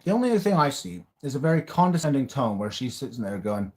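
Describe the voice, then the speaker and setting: A man running a live stream reaction chat speaks bluntly in a medium-pitched, sing-song voice with a darkish tone. He talks fast, rants and raves at times, and swears freely.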